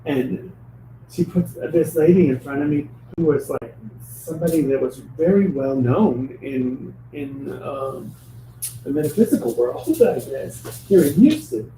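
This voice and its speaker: A man telling personal stories in a casual, animated way, acting out the dialogue and often laughing. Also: on the high side, unhurried, slight background noise. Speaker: spiritual reader on a live show. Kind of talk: casual storytelling. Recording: roomy, distant mic.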